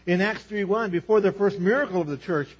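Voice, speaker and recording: Man pastor preaching, husky, high voice, gets really emphatic, dull old recording. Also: brisk. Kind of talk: sermon.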